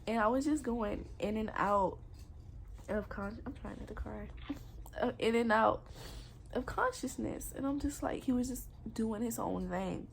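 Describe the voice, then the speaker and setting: A woman's voice: fairly high pitch, unhurried, creaky, a little hiss or hum. A young woman candidly telling a painful personal story in a confessional vlog, emotional and rambling.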